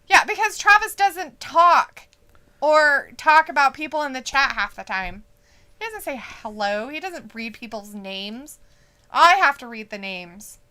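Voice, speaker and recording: A woman's voice: sits high, sing-song, unhurried, bright, forceful tone. A woman from Idaho co-hosting a wrestling watch-along stream, chatting casually, reading out the live chat and laughing often.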